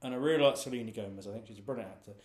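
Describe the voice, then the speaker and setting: A man's voice: mid-range voice, rapid-fire, echoey room. A man rambling in a casual, sweary monologue from his home office, laughing often. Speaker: author and podcast host.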